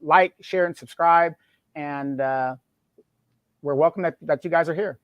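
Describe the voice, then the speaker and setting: A man's voice: on the high side, measured pace, no echo, muffled recording. A man co-hosting a casual live-streamed talk show, earnestly urging viewers to like and share. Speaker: co-host.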